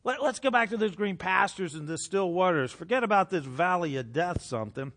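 A middle-aged man preaching a sermon, swinging from hushed, intimate passages to loud, animated outbursts. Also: high-pitched, fairly quick. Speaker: pastor.

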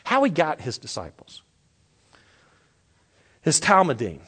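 High-voiced man preaching with animated storytelling. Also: slow pace, breathy edge. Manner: storytelling, animated, swings from loud emphasis to quiet asides. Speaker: pastor. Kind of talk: sermon.

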